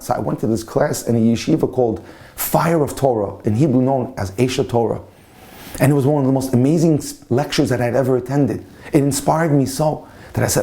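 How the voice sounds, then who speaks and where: Warm-voiced man telling a passionate story. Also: medium pitch, brisk. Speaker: rabbi and lecturer. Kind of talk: storytelling talk.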